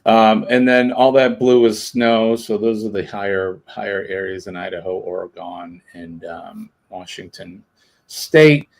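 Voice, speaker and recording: A man's voice: lowish voice, fairly even intonation, unhurried, vocal fry. A man hosting a casual livestream, rambling with lots of ums and uhs. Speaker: livestream host. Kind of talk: casual live chat.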